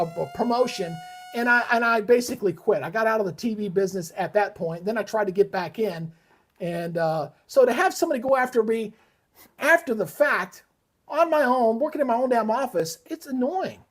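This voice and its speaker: A middle-aged man hosting a live weather stream, heated and ranting, swearing often in casual commentary. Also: sits high. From Georgia, USA. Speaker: weather livestream host.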